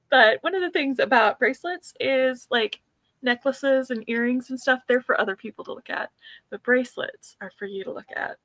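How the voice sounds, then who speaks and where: A woman's voice: high-pitched, normal speed, a bit bright, no room sound. A woman co-hosting a casual beading livestream from home, chatty and teasing, laughing often.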